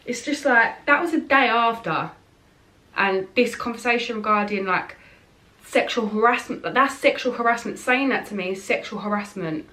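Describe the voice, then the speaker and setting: A woman's voice: mid-range voice, a little fast, pushed and bright, far from the mic. A woman chatting frankly and casually while doing her makeup, rambling with fillers. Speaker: beauty vlogger.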